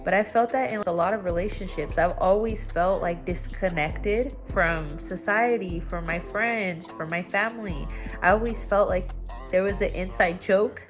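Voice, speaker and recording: A young woman talking at home in a casual confessional vlog, candid and rambling, her voice jumping up when she gets excited. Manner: candid and rambling, with sudden excited jumps in pitch. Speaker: vlogger. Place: at home, indoors.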